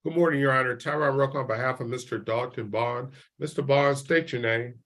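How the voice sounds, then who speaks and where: A male defense attorney addresses the court over a video call in formal legal phrasing. His voice is bright and forceful. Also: medium pitch, brisk.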